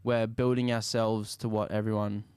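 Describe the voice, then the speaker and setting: A young Australian man, a musician guest, talking casually in an interview in a laid-back, soft-spoken way that often trails off. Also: lowish voice, little pitch movement, normal speed, clean tone, dry recording.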